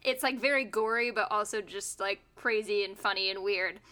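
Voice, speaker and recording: Chatty young woman with a bright voice. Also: medium pitch, moderate pace. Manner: chatty, lots of "like" fillers, swearing. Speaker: podcast co-host. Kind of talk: casual chat, storytelling.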